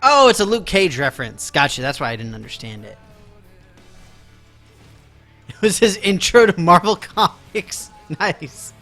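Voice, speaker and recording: A man's voice: high-pitched, big pitch swings, normal speed, long pauses, bright, forceful tone, faint music behind. A man chatting casually with his viewers during a live game stream, laughing often and teasing them with mock offense.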